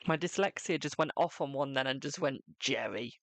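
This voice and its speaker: A man's voice: on the high side, fairly even intonation, a little fast. A British man chatting casually on a live stream as a tarot reader, talkative and self-mocking, swearing now and then.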